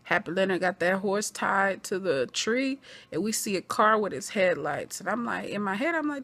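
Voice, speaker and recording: A woman giving an animated recap of a TV episode, acting out the characters' lines in quoted voices as she goes. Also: mid-range voice, normal speed. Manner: acts out scenes in quoted voices. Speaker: TV episode reviewer.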